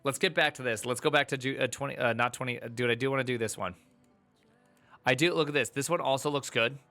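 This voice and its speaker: A man's voice: medium pitch, fast, soft background music. A man chatting casually on a live stream as he reads tech articles, rambling and joking with his chat. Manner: animated, jokey, rambling asides to chat.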